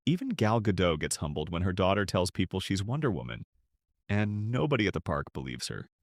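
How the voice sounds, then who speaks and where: A man's voice: sits low, big pitch swings, brisk, background noise. A man narrating a celebrity compilation in a scripted voice-over.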